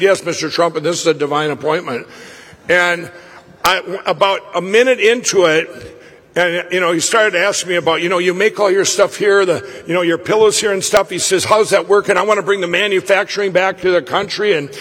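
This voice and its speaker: A man with a husky, high voice tells a personal story at a live summit. He talks excitably and rambles, stumbling and restarting. The sound carries a long reverb from a large hall. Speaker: event speaker. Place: summit venue, stage.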